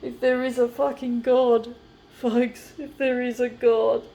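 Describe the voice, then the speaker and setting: Upset lady talking to the camera, high voice, slow and shaky, faint noise behind her. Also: flat delivery, gravelly, mellow. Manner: self-critical, repetitive, keeps saying folks. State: upset, shaky, on the verge of tears. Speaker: artist. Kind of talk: rambling monologue to camera.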